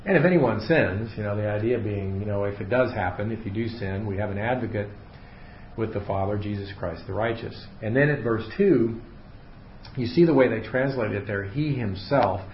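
A man's voice: fairly low pitch, moderate pace, a little hiss or hum. Man teaching a Bible study, roomy. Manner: relaxed, unscripted explaining with many fillers and restarts. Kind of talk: casual Bible study lesson. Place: small room with a group. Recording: roomy, slightly dull room recording.

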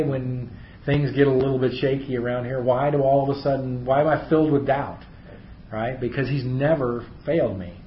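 A man's voice: medium pitch, echoey room, highs cut off, a little hiss or hum. A middle-aged man teaching a Bible class, chatty, asking his class rhetorical questions. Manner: conversational, often asks rhetorical questions.

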